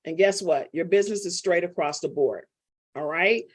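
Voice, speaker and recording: A woman's voice: lowish voice, moderate pace. A middle-aged woman business coach teaching a live online class, chatty and teasing as she calls on students by name.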